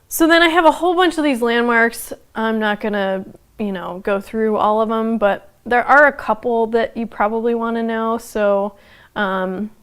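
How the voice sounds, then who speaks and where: A woman's voice: mid-range voice, clean tone. Chatty woman teaching anthropology. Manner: chatty, loose, with frequent fillers and laughs. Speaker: anthropology instructor. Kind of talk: casual live online lecture.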